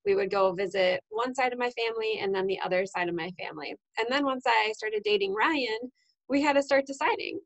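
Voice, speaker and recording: A woman's voice: fairly high pitch, a little fast, rough recording. A woman in her thirties from Iowa, giving an earnest, casual motivational talk at home, with a lot of "right?" and "um". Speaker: wellness vlogger.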